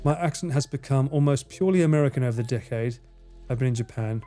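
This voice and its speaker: A soft-spoken man with an Essex accent who mumbles a little, chatting casually on a livestream. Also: mid-range voice, fast talker, faint music behind. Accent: Essex English. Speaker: streamer.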